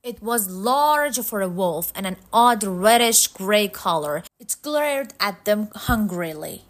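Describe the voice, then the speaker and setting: A woman narrating a storybook tale in a slow, measured, suspenseful way. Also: medium pitch, lively intonation.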